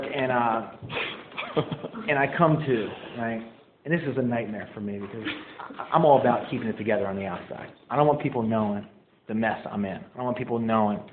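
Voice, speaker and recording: A man in his twenties telling a personal story casually, candid and rambling, laughing at himself. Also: on the low side. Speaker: storyteller recounting addiction. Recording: echoey, phone-like, faint noise.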